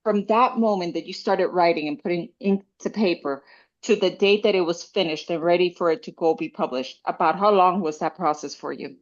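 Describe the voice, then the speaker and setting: Low-voiced woman host, muffled sound. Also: a little fast. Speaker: podcast host. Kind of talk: interview questions.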